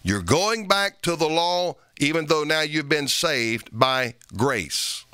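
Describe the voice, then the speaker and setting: A male pastor preaching a sermon, reading scripture aloud in old-fashioned wording and punching repeated phrases with sharp rises. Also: a little high, animated, slow pace, smooth, no room sound.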